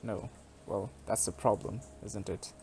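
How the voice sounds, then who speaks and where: A man's voice: fairly low pitch, steady tone, a little slow, gravelly, dark tone. A man reading a scornful grieving sister. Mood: cold. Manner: cold, cutting, scornful. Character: bitter woman defending her dead sister. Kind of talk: reading game dialogue aloud.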